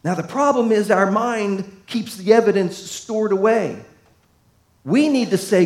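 A man preaching a sermon to a congregation, folksy and emphatic, swinging from loud to hushed. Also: high voice, animated, a little slow. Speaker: pastor. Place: church sanctuary. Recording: echoey room.

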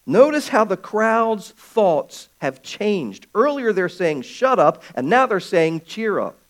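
A man preaching a sermon as pastor of his church, swinging from loud calls to hushed, quiet stretches. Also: high voice, vocal fry.

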